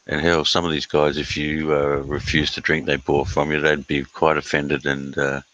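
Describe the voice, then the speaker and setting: Very deep-voiced Australian man, blunt. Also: little pitch movement, fairly bright tone, highs cut off. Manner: blunt, swears often, many filler pauses. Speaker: livestreamer reading chat. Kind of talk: casual live-stream chat.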